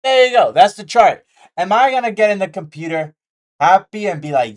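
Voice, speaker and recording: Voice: medium pitch, lively intonation, fairly quick. A day trading vlogger talking candidly and casually, repeating key points and making jokey asides while sketching a chart.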